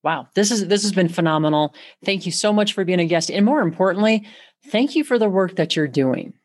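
Low-voiced woman podcast host. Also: animated, a little fast. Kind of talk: interview and reflective wrap-up.

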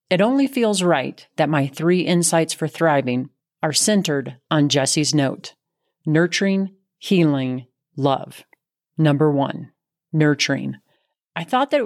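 Low-voiced woman podcast host. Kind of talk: interview and reflective wrap-up.

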